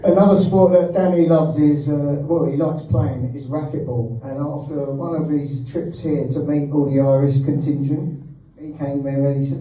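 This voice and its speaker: A man's voice: on the high side, steady tone, moderate pace, dark tone. Joking best man in echoey hall. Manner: joking, teasing, laughing between lines. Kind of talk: wedding speech. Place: wedding reception hall. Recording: echoey hall, mic at a distance.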